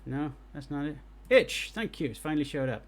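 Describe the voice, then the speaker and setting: A man giving live gameplay commentary as he streams and reviews game jam entries, excitable and thinking aloud as he plays. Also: on the high side, brisk. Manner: excitable, talks to himself while playing.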